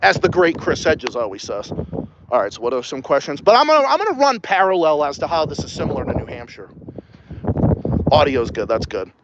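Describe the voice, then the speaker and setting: A man's voice: fairly high pitch, sing-song, brisk, highs cut off, background noise. A man from Massachusetts with a New England accent, hosting a podcast outdoors and ranting profanely while answering viewer questions. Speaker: podcast host.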